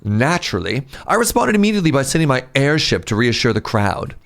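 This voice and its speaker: A man's voice: medium pitch, big pitch swings, fairly quick, gravelly, a bit bright. A man voicing a pompous, snobbish male mayor in a put-on posh accent, reading game dialogue aloud. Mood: smug. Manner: haughty, dismissive.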